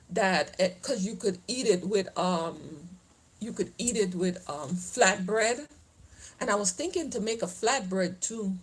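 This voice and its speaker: A woman's voice: mid-range voice, low-quality recording. A middle-aged woman from the Caribbean islands with a Caribbean accent mixed with Southern US, chatting casually to her viewers outdoors in a rambling way and laughing often. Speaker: lifestyle vlogger. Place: outdoors, then heading home.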